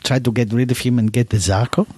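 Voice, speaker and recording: A man's voice: medium pitch, fairly even intonation, fast, mellow, slightly rough, dry recording. A man co-hosting a comedic chat, talking playfully in broken English phrasing. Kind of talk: comedic banter.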